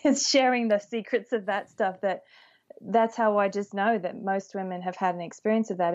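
A woman from Australia talks through her views in a relaxed podcast conversation. She is thoughtful and measured, at a middle pitch. Her audio sounds a bit dull and muffled. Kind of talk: casual podcast discussion.

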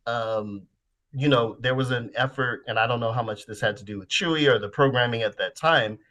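A man's voice: mid-range voice, a little fast. Casual reminiscing middle-aged man. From San Francisco Bay Area. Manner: relaxed, reminiscing, swears casually. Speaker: podcast host. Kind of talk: casual chat.

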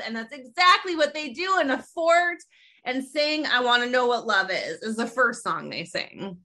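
Female podcast host, higher register, bright tone; lively, chatty episode recapper. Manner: lively storytelling, quick asides. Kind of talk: casual chat recapping a sitcom episode.

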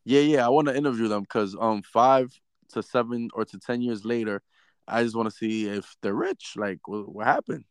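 A man co-hosting an uncensored podcast, telling stories in loud, profane banter. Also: mid-range voice, moderate pace, clean tone, no room sound, studio quality. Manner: animated, profane storytelling. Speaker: podcast co-host.

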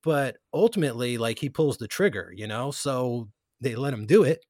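A man's voice: medium pitch, expressive, normal speed, darkish tone, no echo, clean studio sound. A young man co-hosting a podcast, chatting casually in a rambling way with lots of fillers and restarts. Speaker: podcast co-host. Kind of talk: casual chat.

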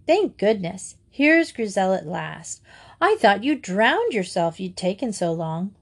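Brisk, bold storybook schoolgirl, read by a woman, breezy slang. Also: medium pitch, big pitch swings. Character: bold, blunt schoolgirl Joey.

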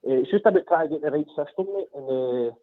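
A man calling in to a football chat show, talking fast and chatty and saying "mate" all the time. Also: fairly high pitch, no echo. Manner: chatty, says "mate" constantly. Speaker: phone-in caller. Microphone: phone. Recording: tinny phone line.

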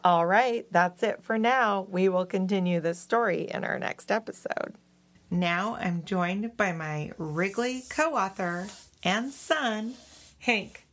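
A woman co-hosting a podcast, narrating a children's story in a slow, expressive and playful way. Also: mid-range voice. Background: music.

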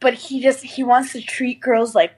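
A woman's voice: on the high side, little pitch movement, normal speed, a little mellow, slightly rough. A young woman chatting frankly as a podcast guest, giggly and playful. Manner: frank, giggly, puts on a cute baby voice. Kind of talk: casual chat.

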